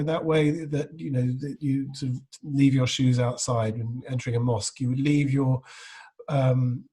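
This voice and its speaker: A man's voice: medium pitch, a little mellow, slightly rough. A middle-aged man, a guest impressionist, telling anecdotes in casual interview chat, rambling with frequent restarts.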